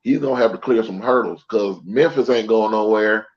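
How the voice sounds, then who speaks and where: A man in the middle of a casual sports debate, blunt and quick to joke, his points spilling out in long run-on stretches. The audio is dull and lo-fi. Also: lowish voice. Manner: blunt, joking, talks in long run-on takes. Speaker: sports show co-host.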